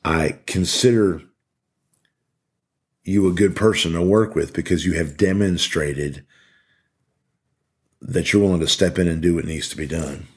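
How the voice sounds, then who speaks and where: A man's voice: low-pitched, measured pace, pauses often, breathy edge. A middle-aged man giving an earnest, emphatic motivational talk to fellow officers, repeating his key phrases. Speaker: podcast host speaking to corrections officers.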